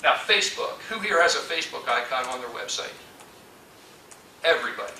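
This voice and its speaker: A man giving a storytelling keynote talk, animated and acting out the voices he quotes. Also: medium pitch, brisk, a little hiss or hum. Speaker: conference speaker. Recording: echoey hall from far off.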